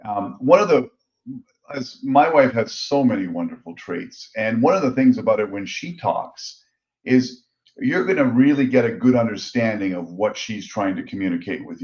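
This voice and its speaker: Blunt man on a dull lo-fi line. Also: lowish voice. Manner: blunt, impatient for the point. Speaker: podcast co-host. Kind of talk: casual chat. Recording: dull lo-fi sound.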